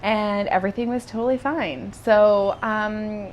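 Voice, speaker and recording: A woman's voice: mid-range voice, fairly even intonation, unhurried, slight background noise. A young woman vlogger telling a personal story in a casual, chatty way, with lots of fillers and restarts.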